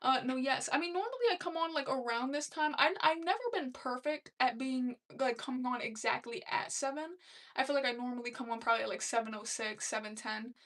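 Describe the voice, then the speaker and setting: A woman's voice: high voice, steady tone, fairly quick, a bit bright, recorded from a distance. A young woman hosting a casual live stream, chatting loosely and laughing as she reads comments aloud. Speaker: livestream host.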